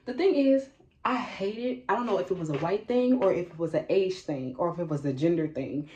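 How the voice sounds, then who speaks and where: A woman's voice: fairly low pitch, brisk, dark tone, dull audio, a little hiss or hum. A young woman telling a personal storytime in a casual vlog, blunt and profane, laughing often and tagging lines with "okay?".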